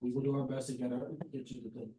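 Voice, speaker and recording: A man with a mellow, dark voice chats casually as a tabletop game player. He asks lots of eager questions, and the room echoes around him. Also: mid-range voice, little pitch movement, fast talker.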